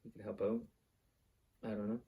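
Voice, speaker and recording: Recorded with phone-quality sound, a man hosting his vlog rants bluntly in a casual monologue, swearing often and moving loosely between points. His voice is fairly low with little pitch movement, at a moderate pace.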